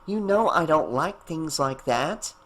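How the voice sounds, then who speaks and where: A busy, hurried single mother, read by a man in an audiobook. The voice is only slightly raised and sounds mildly worried. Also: fairly high pitch, expressive, fairly bright tone, poor audio.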